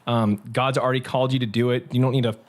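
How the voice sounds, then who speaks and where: A man who is a pastor, telling his story in an energetic, conversational interview. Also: medium pitch. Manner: energetic, quick, with restarts. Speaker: pastor and guest.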